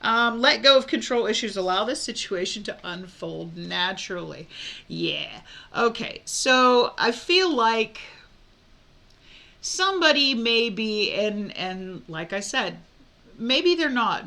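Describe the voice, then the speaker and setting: A tarot reader gives a casual, frank reading, her speech full of fillers and restarts. Her medium-pitched voice sounds creaky, pushed and bright, and she has the hiccups.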